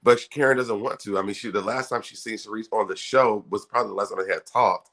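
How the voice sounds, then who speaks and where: A man co-hosting a casual reality-show recap, bantering quickly and lively. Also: fairly low pitch. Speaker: podcast co-host.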